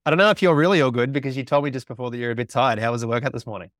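A man hosting a podcast, asking quick questions in a joking, casual way. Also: medium pitch, fairly bright tone, no echo, studio quality. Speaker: podcast host. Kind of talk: casual chat.

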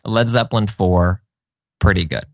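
A man's voice: sits low, normal speed, a little mellow, no echo, clean studio sound. A man co-hosting a podcast, talking casually and rambling, often correcting himself mid-sentence. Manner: rambling, self-correcting, spelling things out. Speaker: podcast co-host.

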